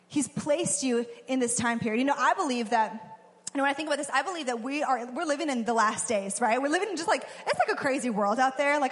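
A young woman giving a casual, conversational sermon, acting out quotes as she goes. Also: high voice. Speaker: preacher. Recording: long hall reverb.

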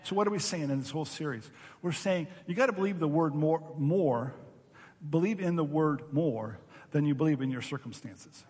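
A man's voice: a little high, moderate pace, a little mellow, slightly rough, long reverb tail. A man preaching a sermon as pastor, telling stories animatedly and acting out voices.

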